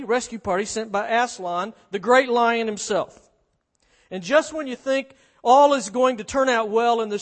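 High-voiced preacher telling a story. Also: male voice. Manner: storytelling, shifting from lively to hushed. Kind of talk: sermon with storybook reading.

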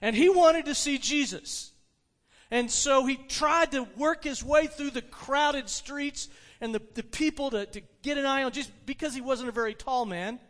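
A man preaching a sermon, retelling a story with animated delivery and frequent restarts. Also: very high-pitched, moderate pace. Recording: long hall reverb.

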